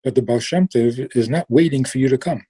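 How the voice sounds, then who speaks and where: A man telling a story in a relaxed way, slow and reflective, trailing off and restarting and sometimes acting out the people in it. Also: medium pitch, husky. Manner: acts out quoted voices with sudden outbursts.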